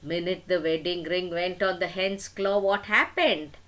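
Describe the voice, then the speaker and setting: An older woman telling a folk tale to children in an animated, dramatic way. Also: fairly low pitch, measured pace. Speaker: storyteller. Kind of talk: storytelling to children.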